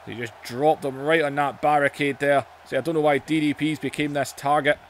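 A man doing excitable play-by-play commentary over a wrestling video game, his voice going hoarse, shouting out the moves and often saying "man". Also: on the high side, a little fast, slight background noise.

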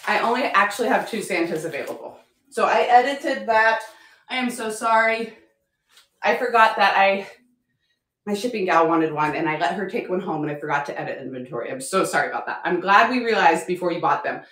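A woman selling at a live-stream auction, bubbly and excitable, often apologizing and thanking her viewers. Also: medium pitch, brisk. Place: home room with a chalkboard. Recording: echoey room.

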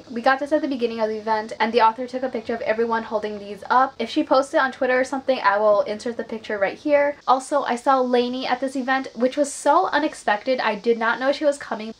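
A woman's voice: a little high, low-quality recording. A young woman book vlogger, chatty and upbeat, filming herself on a phone. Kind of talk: casual vlog. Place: home.

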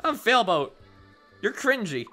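A man's voice: high-pitched, big pitch swings, measured pace, bright, forceful tone, soft background music. A man giving let's play commentary, mocking and sarcastic, laughing often. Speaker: gaming streamer.

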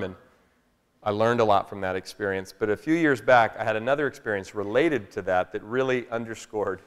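A man giving a motivational public talk, telling a personal story in an animated way. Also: on the low side, clear, resonant tone. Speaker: motivational speaker. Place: public hall. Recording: long reverb of a hall.

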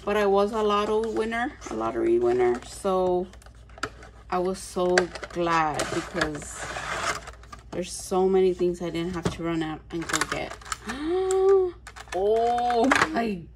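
A woman unboxing collectible toys in casual chat, gushing over each one, gasping often and slipping into soft whispers. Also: lowish voice, measured pace, heavy background noise. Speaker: toy collector vlogger.

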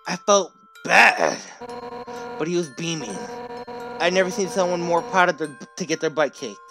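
A man's voice: a little high, animated, moderate pace, pitched below the performer's own voice. A man voicing a brash, blunt fish warrior woman who leads a royal guard, reading game dialogue aloud over game music. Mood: reminiscing.

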